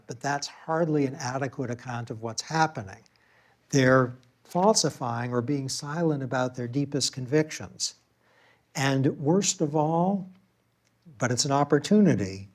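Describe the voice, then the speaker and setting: A man giving a public lecture in a room with an audience, telling a personal story in a conversational way with occasional fillers and restarts. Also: mid-range voice.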